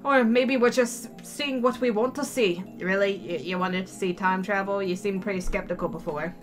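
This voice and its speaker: A woman voicing a sharp, skeptical young female scientist who speaks in a tart, exasperated way. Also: mid-range voice, normal speed, music in the background, natural voice.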